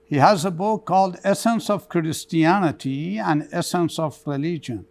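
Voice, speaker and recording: A man's voice: fairly high pitch, normal speed, gravelly. A man giving a religious lecture, telling stories with quoted back-and-forth dialogue. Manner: animated storytelling with quoted dialogue.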